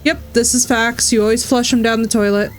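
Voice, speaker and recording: Fairly high-pitched and steady, this woman talks briskly while streaming a game, her commentary coming in effusive bursts full of exclamations. Faint game music sits in the background.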